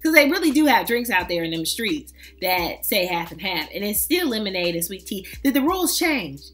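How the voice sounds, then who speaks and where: A woman's voice: medium pitch, very animated, moderate pace, a bit bright, faint music behind. Chatty, emphatic woman reviewing fragrances. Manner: chatty, emphatic, playful with sassy asides. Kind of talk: casual review vlog.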